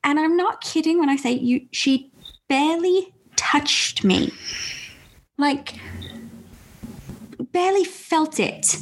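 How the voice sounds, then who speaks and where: Young woman, podcast host, higher voice, animated storyteller who laughs often. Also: a little hiss or hum. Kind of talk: casual interview chat.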